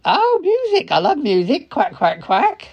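Brief: woman as a cheerful male talking duck, high sing-song voice, slow and gushing, quacking between lines. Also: wildly swooping pitch, a little mellow, highs cut off, exaggerated voice. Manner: gushing, sprinkles quacks through every line. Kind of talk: comedy podcast sketch.

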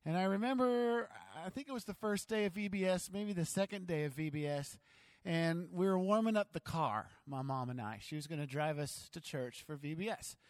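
A man telling a self-mocking childhood story as a sermon to his church, animated and dramatic. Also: high-pitched, normal speed, no echo.

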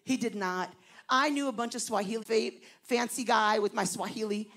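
A woman pastor telling a story in a sermon, animated and rising to loud emphasis. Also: on the high side, normal speed.

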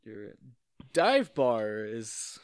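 A man's voice: on the low side, very animated, extremely slow, clear, resonant tone. A man hosting his podcast as game master, talking casually, laughing and swearing freely. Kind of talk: running a tabletop game.

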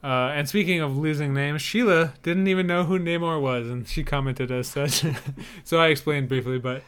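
A man's voice: fairly high pitch, moderate pace, fairly bright tone, clean tone. A man co-hosting a podcast in casual chat, wry and chuckling as he reads out listener emails. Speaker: podcast co-host.

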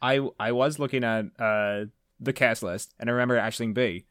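Measured man discussing films. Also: medium pitch, fairly even intonation, a bit bright, clear, resonant tone, dry recording, studio quality. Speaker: podcast co-host. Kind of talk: casual movie-review chat.

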